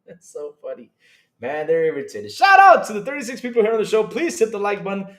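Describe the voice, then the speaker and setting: A man hosting a live stream, reading chat aloud and reacting with excitable disbelief and frequent laughter. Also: sits high. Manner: excitable, incredulous, laughing, rapid swings in loudness.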